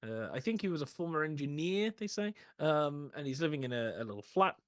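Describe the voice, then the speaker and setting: Male co-host, film chat, halting delivery with lots of restarts, dry close mic. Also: on the high side, very animated, dry recording. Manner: hesitant, many restarts, acts out quotes. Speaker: podcast co-host. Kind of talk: casual film discussion.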